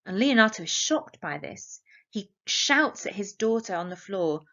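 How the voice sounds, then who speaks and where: An English woman teaching a play for exam revision, explaining steadily and reading the quotations aloud without dramatizing them. Her voice sits at an ordinary middle pitch. The recording is a little dull and lo-fi. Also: expressive, measured pace, pushed and bright. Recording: slightly dull lo-fi audio.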